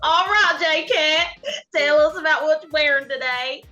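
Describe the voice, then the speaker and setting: A woman co-hosting a casual podcast chat, playful and quick to laugh. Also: high voice, pushed and bright, muffled recording. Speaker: podcast co-host.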